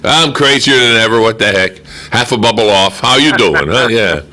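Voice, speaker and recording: Male middle-aged radio host, bright, forceful tone, jokey and rambling. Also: lowish voice, expressive, moderate pace. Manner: joking, rambling, puts on comic voices. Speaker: radio call-in show host. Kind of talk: casual radio chat.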